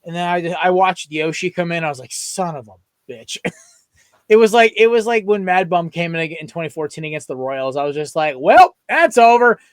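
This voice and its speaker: Young male co-host, heated opinionated rants, slightly high voice, dry close sound. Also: fast, few pauses, smooth, no echo. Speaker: podcast co-host. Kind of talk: casual sports podcast chat.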